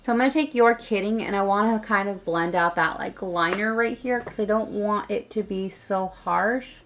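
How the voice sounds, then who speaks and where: A woman's voice: medium pitch, normal speed, a bit bright, slight background noise. A young woman chatting casually through a makeup tutorial, rambling and saying "like" a lot. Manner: chatty, rambling, says "like" often. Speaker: beauty vlogger.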